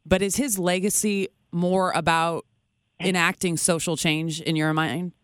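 A woman's voice: lowish voice, steady tone, measured pace, clear, resonant tone, no room sound, studio quality. A woman hosting a radio interview who laughs along with her guest and asks engaged questions. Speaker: host.

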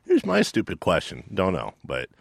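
A man's voice: deep voice, huge pitch swings, moderate pace, gravelly, breathy edge, dry recording, studio quality. A male radio co-host chiming in with wisecracks during casual banter.

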